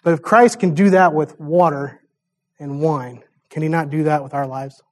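A man's voice: fairly high pitch, moderate pace. A man preaching a sermon in a conversational way, chuckling often and telling the story with animation.

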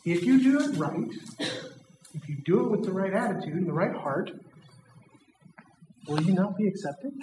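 A man voicing God as a patient father figure who calmly questions and warns. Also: a little high, slow pace, pauses often, echoey room, slight background noise, rough recording. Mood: coaxing. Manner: calm, coaxing, questioning.

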